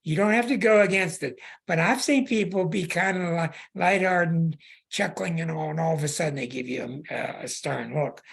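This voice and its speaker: A man's voice: a little high, moderate pace, vocal fry, fairly bright tone, breathy edge. A man hosting an astrology show, reading a caller's chart in an emphatic, plain-spoken way and repeating his points. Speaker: astrologer host.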